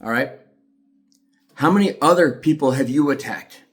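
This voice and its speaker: Here the aggrieved father, middle-aged, talks at a normal speed in a fairly high pitch. He tells his story to the camera in an upset, foul-mouthed monologue.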